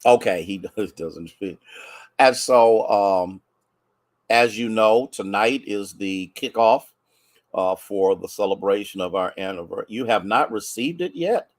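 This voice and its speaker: An American man, a pastor, chatting warmly with livestream viewers and greeting them by name, a bit congested from sneezing. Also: on the low side, measured pace, no echo.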